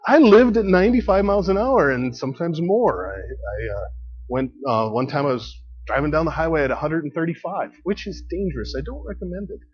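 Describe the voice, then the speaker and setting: A man preaching in a relaxed, conversational way, laughing often and swinging between quiet and emphatic. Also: a little high, a little fast, muffled recording. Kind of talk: sermon.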